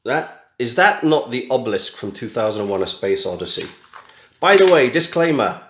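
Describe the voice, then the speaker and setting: A man's voice: mid-range voice, big pitch swings, moderate pace, a bit bright, reverberant, slight background noise. A middle-aged British man chatting casually through a home unboxing, full of wry, self-mocking asides. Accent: British English. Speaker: tech vlogger. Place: small room at home. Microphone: camera mic.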